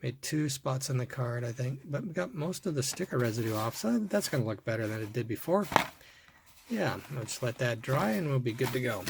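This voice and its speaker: A middle-aged man hosting his own collecting video, casually talking through his finds and getting excited over the rare ones. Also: medium pitch, a little fast, creaky, background noise. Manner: muttering softly while working, then bursting into excitement. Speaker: toy car collector and video host. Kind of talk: casual hands-on show-and-tell.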